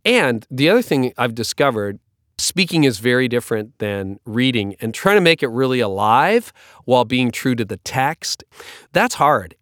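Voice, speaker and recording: A man's voice: medium pitch, very animated, moderate pace, fairly bright tone, no echo. A pastor and author joking about himself while talking about recording his audiobook, conversational and close to the mic. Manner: self-deprecating, joking, conversational.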